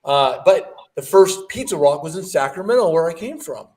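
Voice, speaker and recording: A man's voice: on the high side, expressive, normal speed, darkish tone, distant mic. Chatty man, a bit off-mic. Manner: upbeat, chatty and enthusiastic. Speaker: mortgage lender and co-host. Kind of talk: casual livestream chat.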